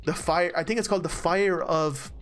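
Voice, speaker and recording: A man in casual chat over a voice call, rambling and excitable, swearing and laughing often. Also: on the high side, normal speed, faint music behind. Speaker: let's play co-host. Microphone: voice chat mic.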